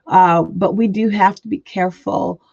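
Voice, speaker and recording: A woman's voice: medium pitch, steady tone, moderate pace, vocal fry, a little mellow, dry recording, dull audio. A woman teaching remote viewing in a spoken presentation, earnest, repeating phrases with many fillers.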